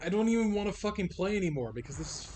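A man's voice: high voice, expressive, racing. A young man commentating a video game he is playing, swearing and exasperated, often stammering and restarting his sentences. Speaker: gaming streamer. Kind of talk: frustrated let's-play commentary. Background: game music.

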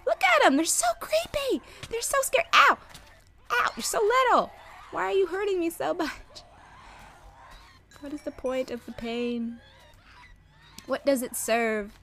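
Chatting sarcastically to the creatures in her game, a young woman gives lively, casual let's play commentary. Her voice is fairly high and gravelly, and there's a little hiss or hum in the recording.

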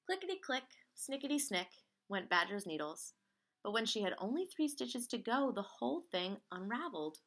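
A woman reading a picture book aloud in a lively way, singing out sound effects as she goes. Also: medium pitch, normal speed. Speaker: reader.

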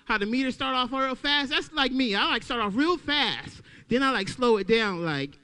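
A man doing a stand-up comedy set at an open mic, talking loudly and playing out little voices for the crowd. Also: very high-pitched, normal speed, smooth. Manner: loud, animated crowd work with acted-out voices.

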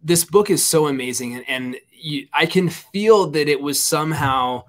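A man's voice: on the high side, moderate pace. A man co-hosting a radio interview, earnestly telling a story. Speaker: radio show co-host.

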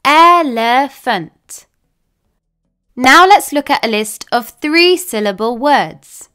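Woman English teacher, careful lesson delivery, lively pitch that jumps around. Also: smooth. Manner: says each word twice with long pauses, careful and deliberate. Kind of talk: slow, clearly enunciated word-list reading.

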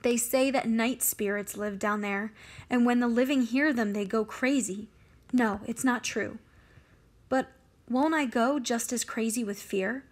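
A woman's voice: on the high side, unhurried. A woman voicing a frightened young girl who is working up the nerve to drink a sleeping potion, reading in an anxious, pleading way. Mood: fearful.

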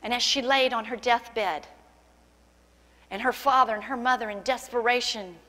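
A woman pastor preaches with fervent conviction, her fairly high voice swelling toward cries at the peaks. A long reverberation of the church hall trails behind every phrase. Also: steady tone, moderate pace, pushed and bright. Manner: impassioned preaching, voice rising to cries in acted quotes. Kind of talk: sermon. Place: church sanctuary.

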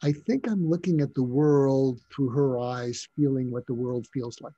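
An older man, a psychiatrist and interview guest, telling stories in a reflective, halting way with frequent restarts. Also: medium pitch, mellow, dry recording, dull audio. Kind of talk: storytelling in a conversational interview.

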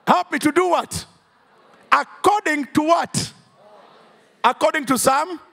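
A man's voice: extremely high pitch, slow, vocal fry, long pauses, sharp tone. A man with a Ugandan English accent preaching a sermon in church, drawing call-and-response from the congregation and rising into sing-song emphasis. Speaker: pastor.

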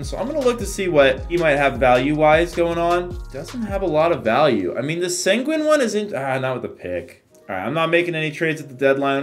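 A young man giving casual, chatty commentary while playing a sports game, talking to his viewers like friends. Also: on the high side. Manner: animated, chatty, talks to viewers as "boys" and "bro". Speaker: gaming YouTuber.

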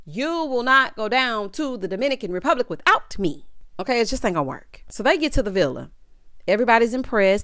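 A woman's voice: on the high side, sing-song, normal speed, fairly bright tone, smooth, no room sound, clean studio sound. A woman hosting a reality TV recap, casual and sassy, talking straight to her viewers in slang.

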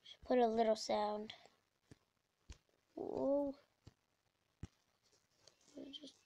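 A woman giving casual, rambling commentary while playing a video game, breaking into sudden excited exclamations. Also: on the high side, slow pace, gravelly, pauses often. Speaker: let's play gamer.

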